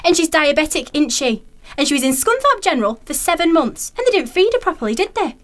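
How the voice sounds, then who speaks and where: A nosy neighbour woman, played by an actress in an amateur radio play, who gossips bluntly and piles up details. Her voice sits high and swings widely in pitch. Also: very animated, fast talker. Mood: gossiping. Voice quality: chatty and blunt, piling up details.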